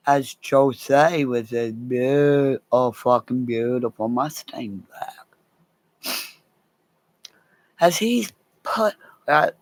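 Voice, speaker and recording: A middle-aged woman with a rough, gravelly voice tells salty personal stories, swearing freely and breaking into laughter. She talks slowly, drawing each beat out. Her voice sounds close and dry, with no room around it. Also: sits low, dry recording. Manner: animated, swears a lot, laughs mid-story. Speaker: storyteller. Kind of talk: casual profane anecdote telling.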